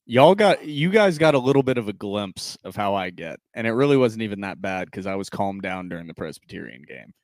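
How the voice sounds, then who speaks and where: A low-pitched man co-hosting a sports podcast, running through box-score numbers at an even pace. His delivery is measured and conversational. The recording is dry and close. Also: dry recording. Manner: reads box-score stats in a steady, measured recap. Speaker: podcast co-host. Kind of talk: casual sports podcast chat.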